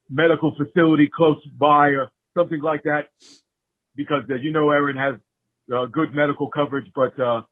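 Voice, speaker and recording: A man putting on a rambling older politician, halting and padded with "uh" fillers, with a slightly raised pitch. The voice comes through a tinny, dry phone voicemail line. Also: dry recording, natural voice. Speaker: caller. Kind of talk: prank voicemail.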